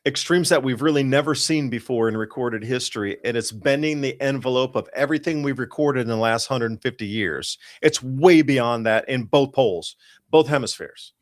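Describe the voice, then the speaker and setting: Male talk-show host, mid-pitched, emphatic and rambling, dry close mic. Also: moderate pace, no echo. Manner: excited, emphatic, rambling with restarts. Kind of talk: casual talk-show commentary on weather charts.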